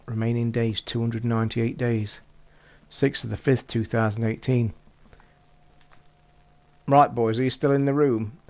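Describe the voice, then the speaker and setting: It's a live stream: a British English–accented man from the United Kingdom talks right to his viewers. Constant cursing, a rushed feel, and quick bursts of excitement mark his casual chat, delivered at a normal male middle pitch.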